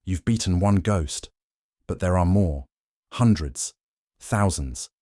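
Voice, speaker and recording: A man voicing a cold, smug male villain mastermind in an audio story, speaking smoothly. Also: sits low, animated, slow pace, dark tone, dry recording, clean studio sound. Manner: silky, smug.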